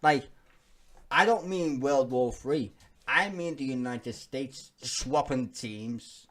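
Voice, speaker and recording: A man's voice: medium pitch, takes it slowly, a bit bright. A man ranting through a political reaction video, swearing freely and pressing each point hard. He breaks into laughter between angry stretches. His delivery stays heated and emphatic throughout. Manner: laughs often while talking. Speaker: political commentary vlogger.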